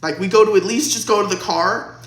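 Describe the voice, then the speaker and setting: A woman's voice: medium pitch, a little fast. A young woman vlogger casually telling a storytime, chatty and laughing, with lots of "like". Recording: roomy echo.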